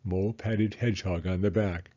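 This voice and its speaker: A man reading a children's picture book aloud in an expressive, animated storytelling manner. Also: deep voice, normal speed, dull audio. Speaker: storybook reader.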